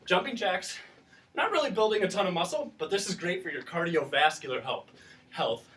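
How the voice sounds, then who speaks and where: Male teacher, somewhat high voice, kid-friendly workout instructor, slightly out of breath, distant mic. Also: expressive, normal speed, a bit bright. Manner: encouraging, counts down reps, explains as he exercises. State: breathing heavier from exercise. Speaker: teacher leading a class workout. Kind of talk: instructional exercise video.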